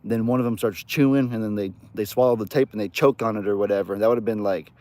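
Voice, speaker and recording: A man's voice: on the low side, fast talker, warm tone, dry recording. A man in a casual farm vlog, talking in a folksy, rambling way into a phone camera outdoors. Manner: folksy, rambling, coos baby talk at cats. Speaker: farm vlogger.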